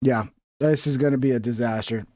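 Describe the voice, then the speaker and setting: A man's voice: medium pitch, fairly even intonation, fairly quick, darkish tone, dry recording, studio quality. A man streaming casual reaction commentary, sarcastic and profane as he mocks what he watches.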